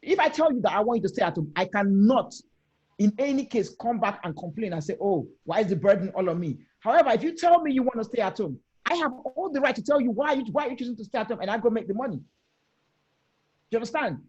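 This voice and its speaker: A man's voice: very high voice, animated, fast, a little mellow, dull audio. A man arguing his point on a video panel discussion, emphatic and direct, often repeating phrases and challenging listeners. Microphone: video call.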